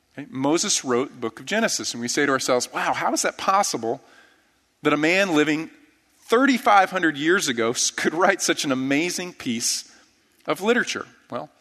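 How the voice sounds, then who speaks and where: A man's voice: on the high side, fairly bright tone. A man preaching an earnest, reverent sermon as pastor. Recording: church sanctuary with long reverb.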